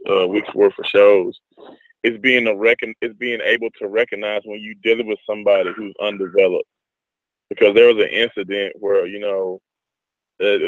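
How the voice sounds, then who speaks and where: A man in casual group discussion, talking haltingly with many restarts and fillers. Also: fairly low pitch, no echo. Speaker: discussion participant. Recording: dry, phone-like audio.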